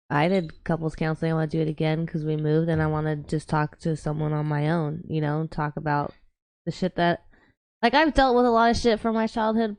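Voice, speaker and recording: A woman's voice: deep voice, clear, resonant tone, no echo. Frank woman podcaster, dry close sound. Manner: frank, relaxed, swearing. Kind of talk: casual podcast chat.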